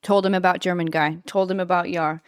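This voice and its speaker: Female guest, dry close sound, animated storyteller with a casual, profane style. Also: fairly low pitch, a little fast, clean tone, no echo. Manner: animated storyteller, swears, giggles often. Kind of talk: casual chat.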